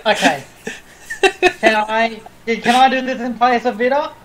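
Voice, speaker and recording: A man's voice: very high voice, unhurried, a crowd in the background, rough recording. A man playing a tabletop game, casually asking about the rules. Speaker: player.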